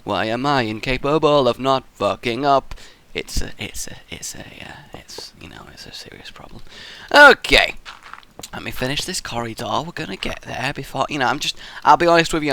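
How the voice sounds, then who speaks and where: Rambling, lively young man gamer. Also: medium pitch. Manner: rambling, self-mocking, swears a lot. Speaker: gaming channel host. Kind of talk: casual let's play commentary.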